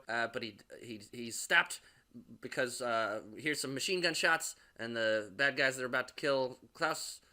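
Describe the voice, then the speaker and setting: A man's voice: medium pitch, bright, forceful tone, clean tone. A man giving a casual, sarcastic, rambling recap of a movie, full of fillers like "like" and "or whatever". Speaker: movie reviewer.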